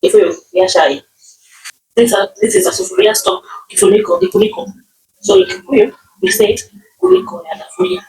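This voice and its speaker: A woman's voice: very high voice, big pitch swings, fairly quick, gravelly, a little mellow. A woman from Nyeri with a Kenyan accent, teaching household words in a casual lesson, repeating words and often checking with "okay?". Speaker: language teacher. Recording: roomy, distant mic.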